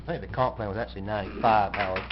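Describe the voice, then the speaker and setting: A man chairing a county commission meeting who runs the votes in a plainspoken, folksy and brisk way. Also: on the low side, steady tone. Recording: muffled recording with faint noise.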